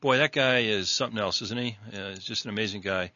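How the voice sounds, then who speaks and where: A man's voice: fairly low pitch, bright, forceful tone, no echo, highs cut off. A man from New York hosting a radio talk show, chatting with a guest and stumbling through lots of fillers and restarts. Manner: halting, many fillers and restarts. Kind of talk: casual radio interview.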